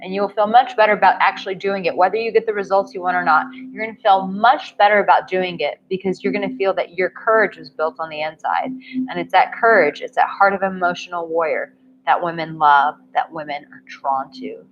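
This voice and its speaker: A woman's voice: fairly low pitch, brisk, muffled recording, a little hiss or hum. A woman dating coach answering viewer questions on a live stream, upbeat and encouraging as she talks straight to her viewers. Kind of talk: live-stream Q&A reading chat comments.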